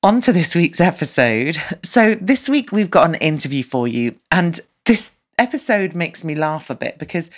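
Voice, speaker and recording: A woman's voice: lowish voice, very animated, normal speed, hardly any pauses. Chatty, upbeat woman podcast host. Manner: chatty, rambling, upbeat, laughs mid-sentence. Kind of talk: solo podcast monologue.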